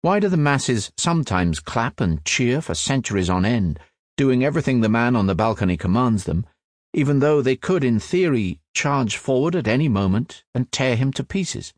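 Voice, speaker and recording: A man reading nonfiction as an audiobook narrator, in a measured, even storytelling delivery. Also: medium pitch, no room sound.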